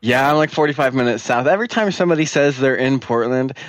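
A man who is a software developer, appearing as a podcast guest and chatting easily with frequent fillers. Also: mid-range voice, quick pace, dry recording. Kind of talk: casual interview chat.

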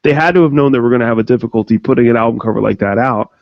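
A man's voice: medium pitch, racing, creaky, dry recording. A man hosting a podcast interview, asking questions and making wry jokes. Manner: joking, wry asides. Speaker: podcast host. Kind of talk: casual interview. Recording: dry, muffled lo-fi.

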